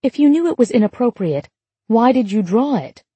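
A firm, no-nonsense mother who puts pointed questions to her small daughter, as a woman reads her in an audiobook. The tone is warm and mellow with a breathy edge, and the recording is close and dry. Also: on the high side, sing-song, normal speed, dry recording, voice pushed up, exaggerated voice. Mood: stern. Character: brisk adult mother scolding her daughter.

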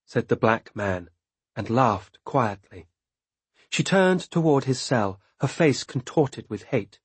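A man reads a story aloud in a measured way, slow and husky, with a lively, moving pitch. The recording is dry and close, with no room sound. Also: no room sound. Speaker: audiobook narrator. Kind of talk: scripted narration.

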